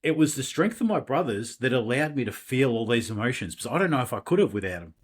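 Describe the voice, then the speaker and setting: Middle-aged man, candid interview guest, rambling storyteller, even middle pitch. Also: fast, husky. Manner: candid, rambling, with many restarts and acted quotes. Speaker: podcast guest.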